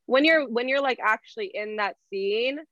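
A woman's voice: fairly high pitch, moderate pace, fairly bright tone, dry recording, muffled recording. A young adult woman guest in casual chat, frank and laughing often, with some swearing, heard through an earbud mic. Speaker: podcast guest.

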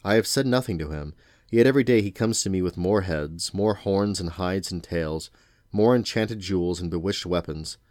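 A man reading aloud as a sorrowful, distant enchanted lady who speaks softly. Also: low voice, normal speed, no echo, clean studio sound, lightly acted. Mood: cool. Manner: soft, remote.

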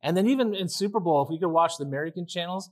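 A pastor preaching a sermon in a chatty, enthusiastic way, with restarts and asides. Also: male voice, sits high, very fast, a little mellow. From Canada. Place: church.

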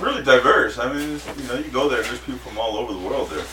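A man's voice: medium pitch, fast, crowd noise. A man from Southern California, a football coach, telling stories in casual chat and acting out the people in them. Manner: animated storyteller who acts out the people in his stories. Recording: roomy sound from a distant mic with faint noise.

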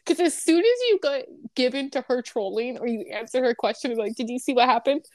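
High-voiced woman telling animated stories. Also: fairly quick, no room sound. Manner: animated storytelling, laughs often. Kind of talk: casual chat.

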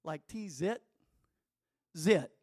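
A male pastor preaching a sermon in a church, telling the story with animated, emphatic repetitions. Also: high voice, extremely slow, husky, no room sound, studio quality.

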